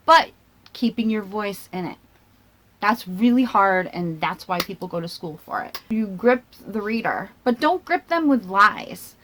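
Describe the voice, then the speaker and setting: A woman vlogger talking to her laptop camera in a rambling, self-mocking way, thinking out loud and jumping between tangents. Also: medium pitch. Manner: chatty and self-mocking, laughs between phrases. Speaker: vlogger and channel host. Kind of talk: casual talking-to-camera commentary.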